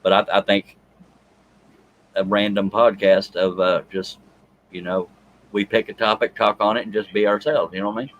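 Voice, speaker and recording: A man's voice: fairly low pitch, level tone, normal speed, pauses often, dull audio. A man hosting a casual livestream chat, joking and rambling. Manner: joking, rambling, reads chat comments aloud. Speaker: show host.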